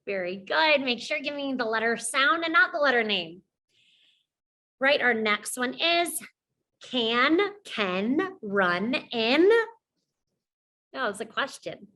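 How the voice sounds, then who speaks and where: A woman teaching young children a phonics lesson, slowly sounding out letters and praising often. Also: sits high, lively intonation, bright, forceful tone.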